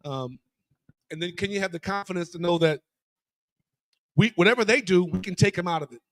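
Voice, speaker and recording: Man, high voice, dry close sound; animated storyteller who acts out every quote. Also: brisk, no echo. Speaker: former college basketball player and broadcaster, guest. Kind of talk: casual storytelling. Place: bar, live show.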